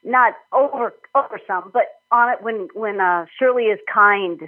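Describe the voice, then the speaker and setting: A middle-aged woman from Minnesota, an author being interviewed on a podcast, talking warmly and enthusiastically with frequent laughter. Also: medium pitch, moderate pace. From Minnesota, United States. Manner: warm, enthusiastic, laughs often. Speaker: author and nutrition guest. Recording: tinny phone-like line.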